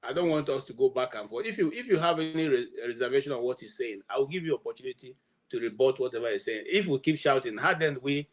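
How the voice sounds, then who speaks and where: A man hosting an online panel, firmly pleading with his guests to calm down. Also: mid-range voice, fast. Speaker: host and moderator.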